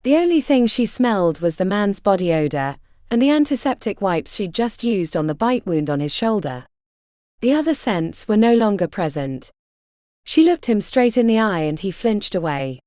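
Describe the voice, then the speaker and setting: Dark-toned expressive woman narrator. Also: medium pitch, moderate pace, dry recording, studio quality. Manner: expressive storytelling. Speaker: audiobook narrator. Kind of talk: scripted narration.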